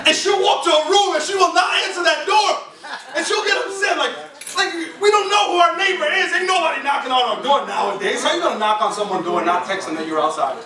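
A man's voice: extremely high pitch, lively intonation, fast talker, sharp tone. A man preaching a sermon as pastor, telling stories in a conversational, humorous way and drawing responses from the congregation. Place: church sanctuary. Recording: echoey hall from far off, with music.

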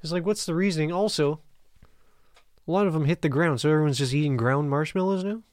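A man co-hosts a comedy podcast, laughing often and swearing as he mocks the stories. His voice sits a little high for a man. The recording is dry and close, with no room sound. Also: fast talker, darkish tone, dry recording. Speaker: podcast co-host. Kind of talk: casual comedic chat.

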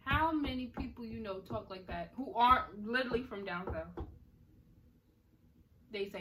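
A young woman from Central New Jersey co-hosting a podcast in casual chat, talking in an animated, emphatic way. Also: fairly high pitch, normal speed, pauses often. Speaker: podcast co-host. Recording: distant mic with faint noise.

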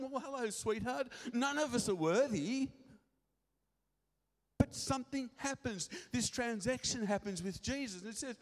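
A man preaching with a high voice that swings widely in pitch. He gets excited and rushes his words, and his voice rings out in a church hall with a long, trailing reverb. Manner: excitable, fast-talking preaching. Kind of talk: sermon.

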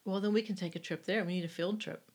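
A woman's voice: fairly low pitch, steady tone, quick pace, darkish tone. A woman co-hosting a casual chat, mostly agreeing in short replies and adding dry, cussing quips. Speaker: podcast co-host.

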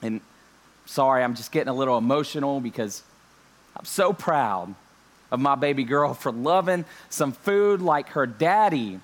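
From his home during lockdown, a young male pastor opens an online church service, joking with viewers. His medium-pitched voice moves at a moderate pace, and his lively preaching is sprinkled with frequent amens.

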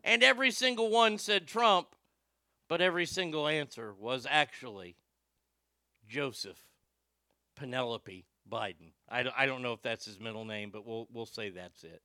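A man's voice: medium pitch, moderate pace, sharp tone, no room sound. A man hosting a political commentary show, sarcastic and profane, mocking what he plays. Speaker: host.

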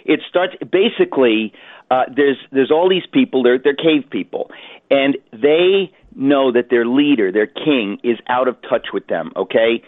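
Animated man on a tinny phone line. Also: mid-range voice, a little slow, no echo. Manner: animated storyteller, acts out voices. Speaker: author guest. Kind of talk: phone-in radio interview.

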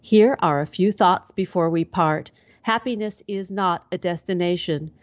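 A woman's voice: lowish voice, a little slow, no room sound. A woman hosting a talk show, chatting with enthusiasm. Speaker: host. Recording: dry, dull lo-fi sound.

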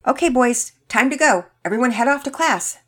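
A woman's voice: on the high side, lively intonation, a little fast, a bit bright, voice pushed up. A woman voicing a firm, bossy cafeteria worker in a children's story. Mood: brisk. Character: stern middle-aged female cafeteria worker.

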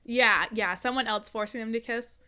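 A woman's voice: a little high, moderate pace, bright, forceful tone. A young woman co-hosting a podcast in casual chat, chatty and giggly, sometimes trailing off. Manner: chatty, giggly, trails off while searching for words. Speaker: podcast co-host.

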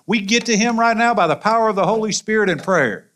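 A pastor with a Southern US accent preaching a sermon in a folksy, animated way with colloquial asides. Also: male voice, sits high, quick pace. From American South.

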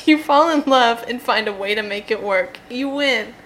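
Bright, giggly young woman narrating. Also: on the high side, normal speed, slight background noise. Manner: giggly, playful, laughs often. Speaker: host and story narrator. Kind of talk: narrating a choose-your-own-adventure game.

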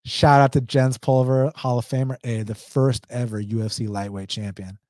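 A man's voice: medium pitch, flat delivery, normal speed, darkish tone, dry recording, studio quality. A man with an Atlanta accent hosting a casual livestream, reading viewer comments and answering bluntly with slang and laughs. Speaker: MMA betting livestream host.

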